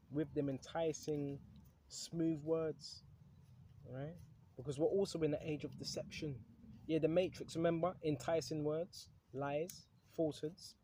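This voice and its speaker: A preacher with a slightly high, warm voice teaches from the Bible in a casual, conversational way, with a little hiss or hum in the audio. He reads scripture aloud between his comments and keeps checking in with "right?".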